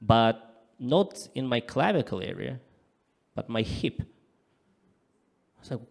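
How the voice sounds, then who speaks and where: A man's voice: mid-range voice, slow, creaky, pauses often. Man doing live stand-up. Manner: deadpan punchlines with sudden loud acted-out voices. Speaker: stand-up comedian. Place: comedy club stage in front of a live audience.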